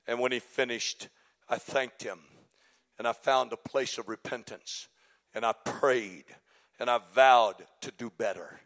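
A male pastor preaching a sermon in a church, moving between loud shouted exhortation and quiet, hushed storytelling. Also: medium pitch, fairly even intonation, measured pace. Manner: swings from shouted preaching to hushed, breathy confession. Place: church sanctuary.

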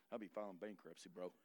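A man preaching a sermon, moving from quiet asides to loud, fervent preaching. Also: low-pitched, no echo.

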